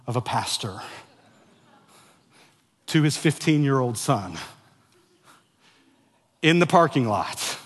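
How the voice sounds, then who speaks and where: A pastor in his forties preaching a sermon, moving from a quiet, confessional personal story to loud, emphatic exhortation, with frequent stumbles and repeated words. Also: medium pitch, lively intonation, takes it slowly, long pauses, slightly rough. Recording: long reverb of a large hall.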